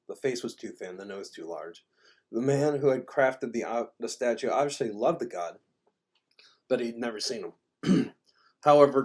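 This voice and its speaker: A man reads his own dark fantasy tale aloud in the first person. His voice sits fairly low, and he trips and restarts on words now and then. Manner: first-person narration with small stumbles and restarts. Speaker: author reading his own fiction. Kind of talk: reading a fantasy story aloud.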